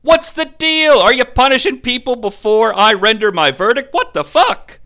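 A man's voice: extremely high pitch, big pitch swings, normal speed, pushed and bright, exaggerated voice. A man voicing a profane, irritable roman governor with a blunt, crude way of asking questions. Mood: irritated. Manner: blunt, crude, bored interrogating.

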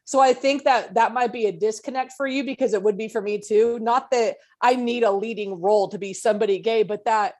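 A woman with a slightly raised pitch co-hosts a casual podcast. She is frank and opinionated, swears now and then, and restarts her sentences as she works through a point. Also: fairly quick, hardly any pauses, darkish tone. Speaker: podcast co-host. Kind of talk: casual chat.

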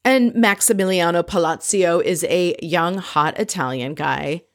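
Lady recapping a reality show, chatty and snarky, voice sits a bit low. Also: measured pace. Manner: chatty, sarcastic commentary. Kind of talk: casual episode recap.

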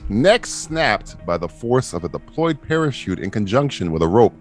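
A man running a casual podcast quiz, reading out clues and laughing a lot between them. His voice swoops up and down constantly, and he swears offhandedly. Soft music plays faintly behind him. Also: lowish voice, sing-song, normal speed. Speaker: quiz host.

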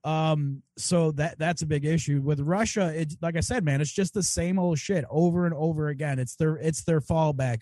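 A man's voice: on the high side, dark tone, no echo. A man co-hosting a casual political livestream, reading out viewer comments and chatting in a laid-back way with casual swearing. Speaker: podcast co-host.

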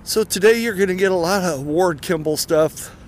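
A man walking fast and a little out of breath, rambling casually with many fillers as he introduces clips. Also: high-pitched, slight background noise. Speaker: podcast host. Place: outdoors near traffic.

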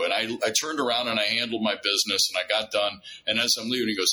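A man's voice: fairly low pitch, very fast, hardly any pauses, poor audio. A middle-aged man telling stories in a casual conversation, acting out dialogue with many restarts. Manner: animated storyteller, acts out dialogue, many restarts. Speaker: guest.

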